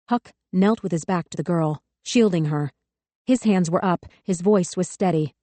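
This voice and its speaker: Woman reading a thriller audiobook, low-ish voice, dry studio sound. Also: normal speed, mellow, dry recording. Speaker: audiobook narrator. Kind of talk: scripted narration.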